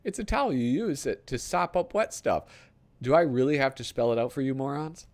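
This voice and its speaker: A man reading a parody ad aloud in the voice of a brash, fast-talking male TV pitchman with pushy hard-sell patter. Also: expressive, darkish tone, natural voice.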